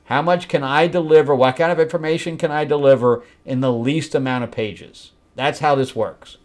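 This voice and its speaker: A man's voice: mid-range voice, brisk, few pauses. Exasperated man reviewing a comic book. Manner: blunt, exasperated critique with mocking acted-out quotes. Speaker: host.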